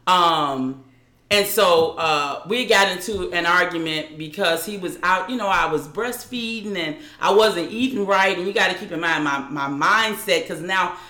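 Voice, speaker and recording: A woman with a bright, forward voice tells her own story as an interview guest. She talks haltingly and often restarts her sentences, and her voice rings in an echoey room. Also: on the low side. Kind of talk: recounting a personal story.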